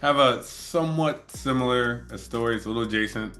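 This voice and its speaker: A man hosting an interview, telling a relaxed story in casual chat and laughing often. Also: medium pitch, a little fast. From moved to LA as an adult. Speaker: podcast host.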